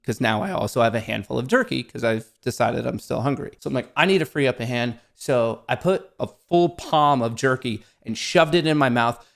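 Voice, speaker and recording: A man hosting a show, telling a comedic personal story in a casual, self-mocking way, often jumping high in pitch for emphasis and swearing freely. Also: expressive, a little fast, vocal fry, hardly any pauses. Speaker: host of a stock market show.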